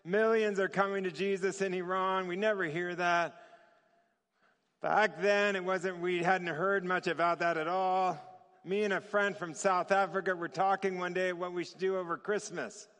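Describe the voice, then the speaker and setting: A man preaching with a high, bright, forceful voice. He tells his sermon as a story, chuckles often and acts out the voices in it, while a long reverb from the hall trails behind him. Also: moderate pace. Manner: lively, chuckles often, acts out quoted dialogue.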